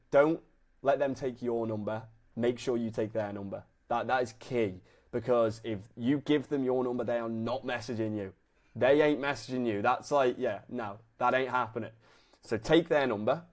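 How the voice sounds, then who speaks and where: A young man from Britain, a personal trainer, giving casual coaching advice and acting out both sides of gym conversations in a laid-back way. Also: mid-range voice. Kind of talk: casual coaching talk to camera.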